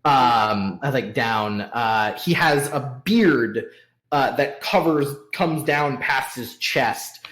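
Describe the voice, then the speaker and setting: A man's voice: medium pitch, takes it slowly, a bit bright. A man acting as game master, describing the scene in a hesitant way with many fillers. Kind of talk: narrating a tabletop game.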